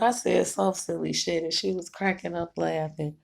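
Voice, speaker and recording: A woman's voice: fairly low pitch, fairly even intonation, moderate pace, gravelly, few pauses. A woman vlogger talking candidly to the camera, chatty and frank, swearing freely and laughing between thoughts. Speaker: tarot-reading vlogger. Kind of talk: candid personal talk to camera.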